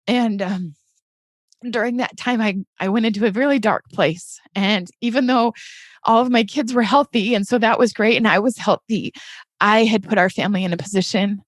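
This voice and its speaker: A woman's voice: medium pitch, normal speed, no room sound, clean studio sound. A woman telling a personal story as a podcast guest, in an earnest, heartfelt way, often tagging her sentences with "right?" and talking to listeners as "you guys". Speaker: podcast guest, real estate investor.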